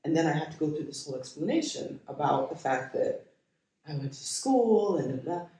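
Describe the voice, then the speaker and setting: Woman, American-tinged accent, from Kenya, animated storyteller, fairly low pitch, strong room echo. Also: a little fast. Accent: American-influenced. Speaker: podcast co-host. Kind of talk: casual chat. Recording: echoey room.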